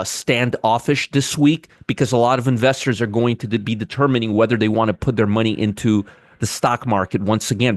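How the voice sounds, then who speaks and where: A man's voice: on the low side, no room sound, clean studio sound. A man hosting a casual live market commentary, sarcastic and repetitive, answering chat viewers by name. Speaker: trading show host.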